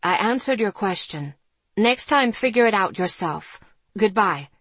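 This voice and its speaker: A woman's voice: mid-range voice, lively intonation, measured pace, a bit bright, breathy edge, dry recording. A woman voicing a curt, cold female mentor on the phone, lecturing and irritated, read as an audiobook character.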